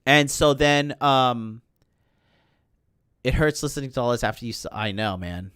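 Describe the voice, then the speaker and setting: A man's voice: mid-range voice, measured pace, a bit bright, clear, resonant tone, dry recording, studio quality. A man hosting a podcast, recapping a movie in a casual, indignant rant full of swearing and fillers. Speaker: podcast host.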